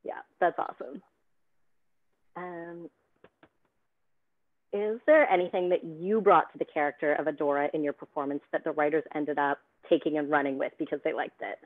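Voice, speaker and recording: A woman moderates a fan Q&A over a video call, soft-spoken and offering brief affirmations between questions. Her voice sits very low for a woman. The sound is thin and narrow, like a phone line. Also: moderate pace, long pauses. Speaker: interview moderator.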